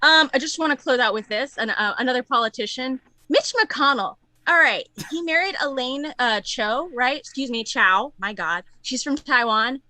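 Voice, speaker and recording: Lively high-voiced woman doing stand-up. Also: normal speed, dry recording. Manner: chatty, filler-heavy, self-mocking. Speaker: stand-up comedian. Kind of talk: stand-up set at an online open mic.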